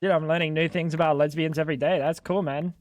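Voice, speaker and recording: A man's voice: on the high side, steady tone, quick pace. An Australian man streaming a game, bantering casually with friends, swearing a lot and joking with mock indignation.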